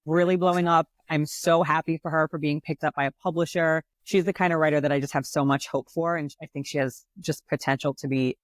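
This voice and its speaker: A woman's voice: sits low, steady tone, a little fast, hardly any pauses, no room sound. New York woman, dry close sound. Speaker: podcast co-host. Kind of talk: casual book-chat, reading a summary aloud.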